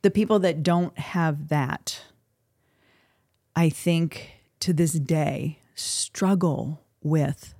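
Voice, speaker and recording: Earnest woman with a low voice. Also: mellow, no echo, studio quality. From United States. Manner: earnest, halting, emotional retelling. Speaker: interview guest. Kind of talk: personal storytelling. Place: podcast recording.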